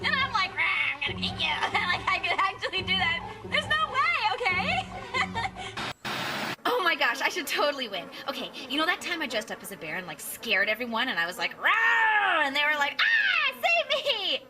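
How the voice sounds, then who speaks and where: A woman's voice: very high-pitched, sing-song, a little fast, over music. An actress voicing a manic, hyperactive teenage girl contestant in a cartoon, giggling and jumping wildly around in her delivery. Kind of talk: cartoon voice acting.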